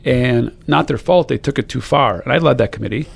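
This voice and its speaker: Gravelly-voiced man, podcast host sharing stories in a loose, rambling way. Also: mid-range voice, a little fast. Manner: rambling, earnest, with frequent fillers and restarts. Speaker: podcast host being interviewed. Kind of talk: casual conversational interview.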